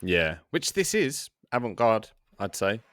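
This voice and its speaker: A man's voice: on the low side, sing-song, unhurried, a bit bright. A man co-hosting an album review, talking casually with lots of fillers and restarts. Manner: hesitant, many fillers and restarts. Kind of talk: casual chat about music.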